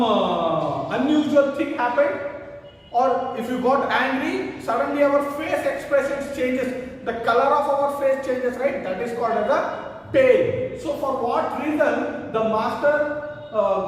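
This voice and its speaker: A man's voice: very high voice, a little hiss or hum. A man teaching a story lesson, asking questions and answering them himself and repeating key phrases. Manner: repetitive, asks questions then answers them. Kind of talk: classroom lesson explaining a story. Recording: echoey room from far off, faint ambience.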